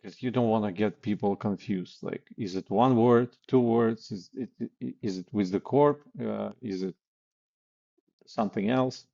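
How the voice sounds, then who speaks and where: A man's voice: fairly low pitch, measured pace, gravelly, dark tone, highs cut off. A man coaching on sales calls in a blunt, casual way, with many fillers and acted example lines. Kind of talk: casual instructional talk.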